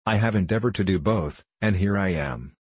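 A man's voice: sits low, normal speed, breathy edge, no room sound. A man voicing a solemn, long-winded male psalm-singing teacher, using formal old-fashioned phrasing.

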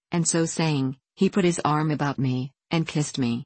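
A woman narrating a classic novel as an audiobook, in a measured, earnest reading. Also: deep voice, darkish tone, dry recording.

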